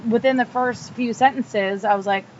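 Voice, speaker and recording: A woman's voice: fairly high pitch, fairly even intonation, normal speed, a little mellow. Candid woman telling dating stories. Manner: candid storyteller, swears freely, acts out quotes. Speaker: podcast co-host. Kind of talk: casual chat. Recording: dull lo-fi podcast audio with faint background noise.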